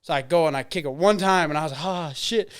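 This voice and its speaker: A man in his twenties spins gym stories at a quick clip, full of fillers and acted-out quotes. His voice is smooth and clear, pitched a little above the usual for a man. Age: 20s. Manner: rambling, lots of fillers and quoted dialogue. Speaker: interview guest, MMA fighter. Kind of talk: casual storytelling.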